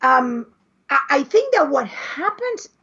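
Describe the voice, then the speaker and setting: Woman podcast co-host, high voice, slow, halting delivery, muffled lo-fi sound. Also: very animated, bright, forceful tone. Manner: hesitant, restarts often while arguing a point. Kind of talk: casual chat. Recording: dull lo-fi podcast audio.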